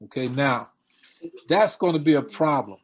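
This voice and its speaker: A man's voice: medium pitch, animated, moderate pace. A middle-aged man giving a seminar lecture, often putting questions to his students and repeating key words, with frequent fillers.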